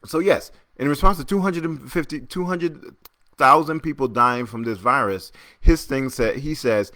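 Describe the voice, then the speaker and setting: A man hosting a podcast, giving casual political commentary in an animated, exasperated way, with frequent restarts. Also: mid-range voice, moderate pace. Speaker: podcast host.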